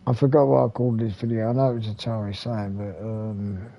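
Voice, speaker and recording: A man's voice: fairly low pitch, flat delivery, brisk, gravelly, warm tone, soft background music. A man with an English accent, hosting a retro gaming channel, rambling casually with mild swearing and lots of fillers and restarts.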